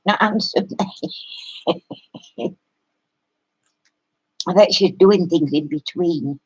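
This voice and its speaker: A woman's voice: fairly low pitch, drawn-out words, a little mellow, breathy edge. An older woman with a Yorkshire accent, a craft vlogger chatting to viewers and telling a story with lots of laughter. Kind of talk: casual chat to viewers. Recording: muffled lo-fi recording.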